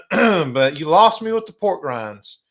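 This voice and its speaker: Chatty South Carolina man, higher voice. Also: big pitch swings, slow, fairly bright tone. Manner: chatty, drawling, frequent throat-clearing and laughs. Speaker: host. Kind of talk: casual live-stream chat.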